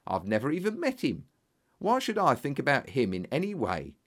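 An earnest young clerk, modest and a little taken aback, as a male narrator reads him, with a voice that swings widely in pitch. The delivery is plain and sincere, in a storybook telling. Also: huge pitch swings, normal speed. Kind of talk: audiobook character voice.

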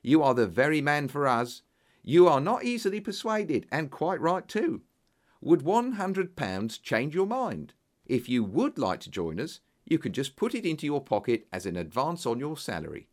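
A man doing an effusive, flattering businessman. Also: fairly high pitch, normal speed. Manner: exclamatory, flattering, animated. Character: eager, effusive older male businessman. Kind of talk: audiobook character voice.

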